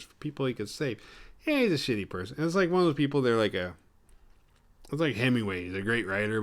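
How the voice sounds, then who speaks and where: A man recapping a horror film for his show, swearing casually and jumping into quick voices for the characters. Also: medium pitch. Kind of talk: casual comedic retelling.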